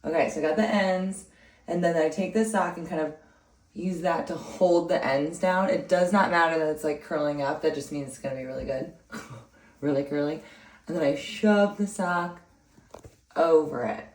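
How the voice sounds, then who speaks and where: A woman's voice: low-pitched, normal speed, a little mellow. A woman chatting casually and giggling as she walks through a hair tutorial. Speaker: vlogger. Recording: roomy sound, distant from mic.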